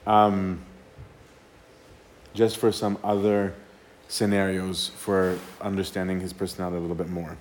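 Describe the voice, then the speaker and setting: A male priest delivers a casual, conversational talk in a lowish voice, checking in with "right?" and voicing the people in his stories. The room is echoey, with a faint hum of ambience behind him. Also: level tone, normal speed, a little mellow. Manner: conversational, keeps asking "right?", acts out quotes. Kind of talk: informal sermon talk.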